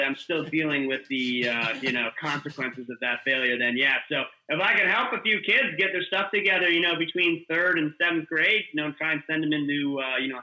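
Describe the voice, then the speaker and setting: Bright-voiced storytelling coach. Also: male voice, fairly high pitch, rough recording. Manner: animated storyteller, filler-heavy. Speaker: guest, kids jiu-jitsu coach. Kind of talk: casual podcast chat.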